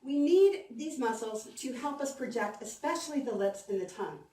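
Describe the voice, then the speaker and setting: A woman's voice: high-pitched, moderate pace. Woman voice coach in an echoey hall. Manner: animated and encouraging, guiding the audience through exercises. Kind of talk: conference workshop talk with exercises. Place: conference hall. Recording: echoey hall, mic from a distance.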